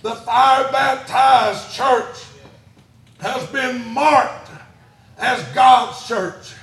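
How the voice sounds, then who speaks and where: A man preaching a fiery sermon in church, shouting and chanting his lines, out of breath at times. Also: very high-pitched, steady tone, drawn-out words, roomy sound. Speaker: pastor.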